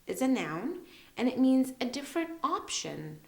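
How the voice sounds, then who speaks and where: A woman's voice: a little high, big pitch swings, a little slow, reverberant. A young woman teaching English vocabulary in a patient, careful way, drawing out the example words so learners can hear the stress. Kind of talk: slow, careful teaching explanation.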